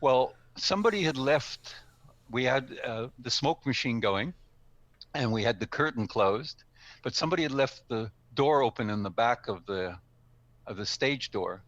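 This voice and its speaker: A man of middle pitch gives friendly, unscripted advice on public speaking. He talks conversationally, pausing with ums and correcting himself as he goes. He comes across as an older, experienced speaker. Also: lively intonation, fairly bright tone, dry recording, muffled recording. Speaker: guest speaker, speaking coach. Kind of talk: casual instructional talk. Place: live stream studio or room.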